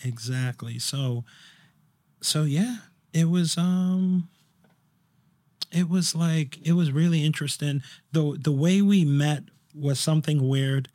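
A man's voice: fairly high pitch, slow, warm tone. A young man chatting casually on a podcast, telling a story in a rambling way with lots of fillers and restarts. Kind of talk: casual chat.

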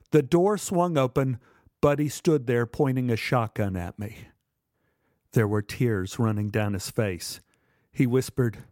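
A man telling a first-person memoir story in a measured, dramatic way. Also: on the low side, a little mellow, no echo, clean studio sound. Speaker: narrator.

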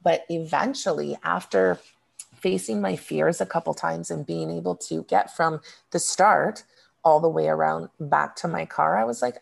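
A woman's voice: deep voice, moderate pace, creaky. A woman co-hosting a podcast, telling personal stories in a rambling casual way with many fillers. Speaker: podcast co-host and coach. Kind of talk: casual chat.

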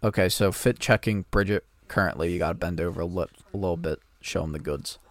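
Low and fast, this man's voice belongs to a podcast co-host spinning a rambling anecdote in casual conversation. He swears a lot as the story meanders along.

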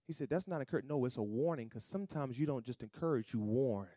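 A man's voice: expressive, quick pace, no echo, clean studio sound. Man preaching with call-and-response. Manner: call-and-response preaching, rising to loud emphatic peaks then dropping low; acts out quoted voices in asides. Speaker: pastor. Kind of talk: sermon.

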